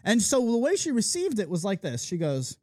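A man DJ on a podcast, telling a story in casual, animated chat full of "like"s. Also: sits high, brisk, dry recording, clean studio sound. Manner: animated, filler-heavy with many "like"s, acts out the people in his story. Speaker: DJ and podcast co-host.

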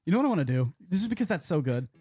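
Animated man telling a rambling story. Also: fairly high pitch, very fast, faint music behind. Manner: animated storyteller, lots of swearing and quoting others. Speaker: radio show host. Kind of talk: casual chat.

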